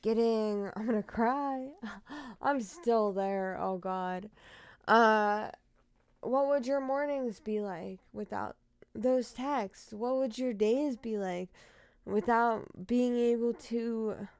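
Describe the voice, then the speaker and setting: A woman's voice: a little high, slow, clear, resonant tone, dry recording. A young woman retelling a true crime case, emotional and outspoken, swearing freely as she reacts.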